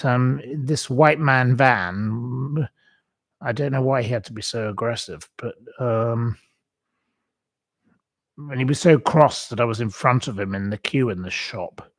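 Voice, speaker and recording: Give me a chatty man of middle pitch hosting a casual stream, full of asides. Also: no room sound. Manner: rambling and chatty, many ums and asides. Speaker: host. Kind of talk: casual livestream chat.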